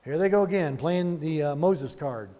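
A man leading a Bible study in an animated, conversational sermon style, with chuckling asides and rhetorical questions. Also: fairly high pitch, moderate pace, in a large hall.

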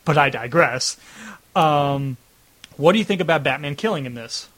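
Young male host, light higher voice, rambling, filler-heavy, acts out reactions, video call. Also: lively intonation, moderate pace, fairly bright tone. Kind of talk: casual video-call chat.

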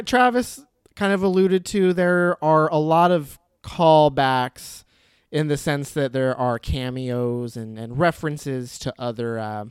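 A man's voice: on the high side, clean tone, dry recording, studio quality. A man hosting a casual movie review chat, loose and profane, laughing often. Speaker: podcast host.

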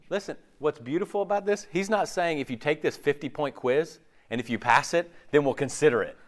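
A man preaching a sermon in a conversational, animated way, often acting out imagined voices. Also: high-pitched.

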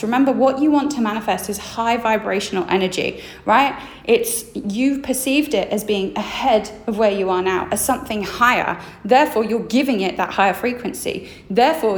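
A woman hosting a solo mindset podcast, acting out her inner thoughts with lively shifts of voice. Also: medium pitch. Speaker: podcast host. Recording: roomy echo.

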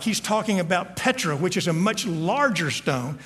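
A man's voice: sits high, lively intonation, moderate pace, few pauses, fairly bright tone. A man preaching a sermon to his congregation as pastor, earnest and often repeating words as he searches for the next one. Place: church sanctuary. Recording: long hall reverb.

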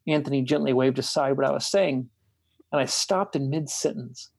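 A man co-hosting a casual talk show, chatting and reading a book passage aloud in a reflective, measured way that slows on key words. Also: medium pitch, vocal fry, darkish tone.

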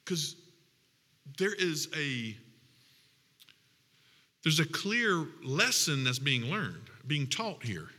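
A man's voice: a little high, big pitch swings, drawn-out words, pauses often, sharp tone, long reverb tail. A man preaching a sermon as pastor, reading scripture and building to emphatic, humorous appeals. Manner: preaching with rising emphatic passages and humorous asides.

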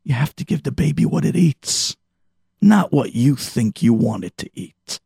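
A man preaching a sermon as an animated parable, acting out the characters. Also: medium pitch, measured pace, creaky, slightly rough, no room sound, studio quality. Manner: animated parable-telling with voices. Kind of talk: storytelling sermon.

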